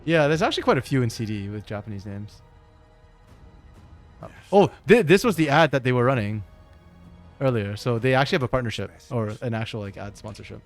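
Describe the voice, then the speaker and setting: Soft music plays behind a man whose brisk, expressive, mid-range voice pauses often. He's co-streaming an esports match in a casual, rambling way, chuckling frequently and fixing his own words as he talks.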